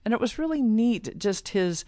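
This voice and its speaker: A woman's voice: animated, normal speed, no room sound. Middle-aged woman guest, earnest and chatty, playful quoted asides, dry recording. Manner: warm, earnest, laughs often, acts out quotes in a high voice. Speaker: guest, author and shamanic practitioner. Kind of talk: casual interview talk.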